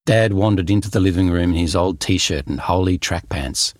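Expressive, husky-voiced male storyteller. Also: sits low, normal speed, no echo, clean studio sound. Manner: lively, expressive. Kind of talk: scripted children's story narration.

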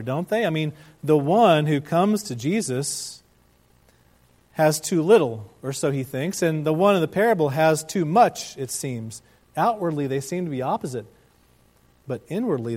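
A man with a slightly raised pitch preaches a sermon as pastor. He speaks with emphasis and keeps asking his listeners rhetorical questions. He slows down to stress key words. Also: darkish tone.

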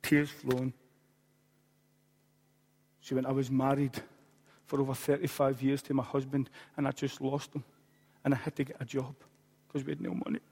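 A man's voice: mid-range voice, flat delivery, normal speed, vocal fry, pauses often, darkish tone, breathy edge. A man, preaching a sermon as a pastor and telling a story with humorous asides. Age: late 40s. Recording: long hall reverb.

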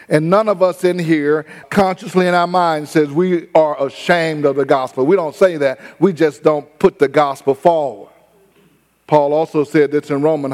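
A high-voiced man preaches a sermon, his talk folksy and conversational, slowing down to stretch his key words. His voice rings with a long reverb through a church sanctuary. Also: steady tone, a little mellow. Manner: conversational preaching, drawn-out emphasis, folksy phrasing. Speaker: pastor.

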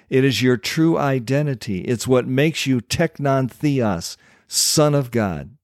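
A man teaching the Bible on a podcast, earnest and emphatic, pausing to stress key words. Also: mid-range voice, lively intonation, dry recording, clean studio sound.

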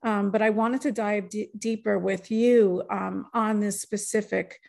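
A woman's voice: mid-range voice, steady tone, unhurried, creaky, a little mellow. A woman hosting a podcast, chatting casually with her guest and chiming in with short agreements. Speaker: podcast host. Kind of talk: casual interview chat.

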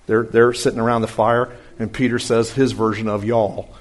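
A man giving a conversational sermon-style Bible lesson, folksy and animated, who swings between brisk asides and slow, quiet emphasis. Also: medium pitch. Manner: folksy, animated, uses homespun comparisons. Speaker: Bible teacher.

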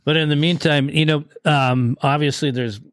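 A man's voice: fairly high pitch, steady tone, normal speed, a bit bright, no room sound, studio quality. A middle-aged musician, a man, talking reflectively and rambling in a podcast conversation. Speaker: guest musician. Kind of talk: casual chat.

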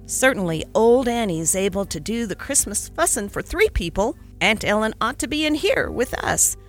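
A woman's voice: on the high side, very animated, moderate pace, faint music behind. A woman voicing a kindly, fussy older male country doctor in a storybook reading, grumbling with good humor. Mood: grumbling, jovial. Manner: grumbling good-humored, old-fashioned phrasing.

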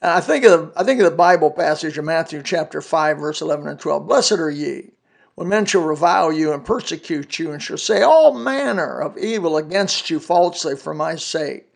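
A podcast preacher in his seventies tells his testimony expressively at normal speed, in a gravelly, raspy voice a bit high for a man. His storytelling is earnest and folksy, with scripture quoted throughout.

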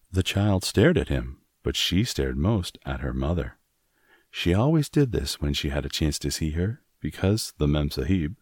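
An audiobook narrator with a very deep male voice reads scripted narration in a measured, steady storytelling manner. The recording is dry and studio quality.

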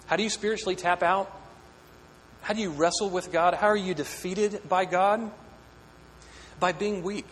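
Higher-voiced man preaching in an echoey hall. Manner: earnest, questioning, repeats words while building a point. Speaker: pastor. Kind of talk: sermon. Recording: echoey hall with long reverb, faint hum.

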